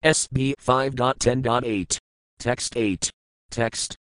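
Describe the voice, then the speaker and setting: A man reading scripture aloud in a steady, measured recitation of verses and word glosses. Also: mid-range voice, dry recording, low-quality recording. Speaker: reader.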